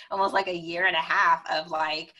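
A woman guest on a podcast, telling her own story candidly and with emotional, expressive delivery. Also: on the low side, measured pace, rough recording. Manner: emotional, expressive, animated retelling.

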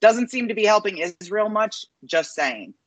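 A woman's voice: medium pitch, expressive, moderate pace, dry recording, highs cut off. A woman co-hosting a podcast in casual political chat, speaking in a confident, matter-of-fact way. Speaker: podcast co-host.

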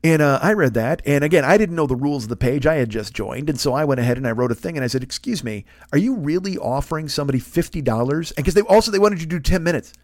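A man's voice: a little high, lively intonation, rapid-fire, few pauses, dry recording, studio quality. A man, a comedian hosting a podcast, ranting casually and profanely while acting out quotes.

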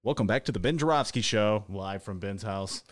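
A man's voice: fairly low pitch, moderate pace. A man co-hosting a casual talk show as its producer, teasing the host and reading out chat and show announcements.

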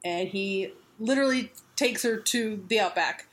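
A woman co-hosting a casual comic book podcast, animated and argumentative, swearing freely as she recaps a story. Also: mid-range voice, measured pace. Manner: animated, swears freely, argues her point. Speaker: podcast co-host.

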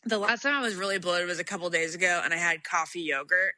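A woman's voice: fairly low pitch, quick pace, pushed and bright, no echo, studio quality. A young adult woman co-hosting a podcast, telling stories casually with frequent laughs and lots of "like". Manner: chatty storyteller, laughs often, lots of "like". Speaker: podcast co-host. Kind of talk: casual chat.

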